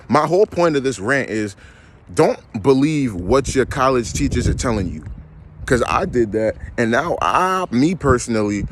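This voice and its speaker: A man's voice: medium pitch, a little hiss or hum. A young man, ranting emphatically and repeating himself in a vlog. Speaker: vlogger. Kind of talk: ranting monologue.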